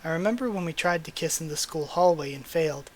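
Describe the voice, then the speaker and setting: An earnest, awkward young male wolf, tall and shy, voiced by a man reading a manga aloud. The voice sits a little high and stays close to the reader's own. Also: quick pace, close to an everyday voice. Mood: tender.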